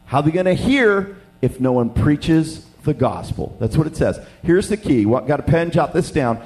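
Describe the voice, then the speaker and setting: A young man preaching a sermon, telling stories with lively acted-out voices. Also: a little high, moderate pace, slightly rough. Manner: animated storytelling, acts out voices. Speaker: pastor.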